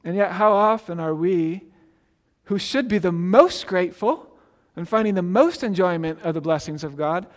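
High-voiced male pastor in a reverberant hall. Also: animated, normal speed. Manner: conversational, repeats "right?" and restarts words. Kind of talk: sermon.

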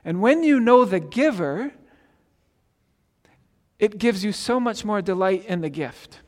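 A man's voice: sits high, lively intonation, unhurried, in a large hall. A male pastor preaching a sermon in a conversational way, often asking "right?" and restarting words.

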